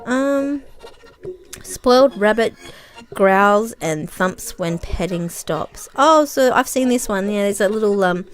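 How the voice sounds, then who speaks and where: A woman's voice: medium pitch, lively intonation, slow. A woman vlogging casual commentary on video listings, rambling with many ums and frequent chuckles.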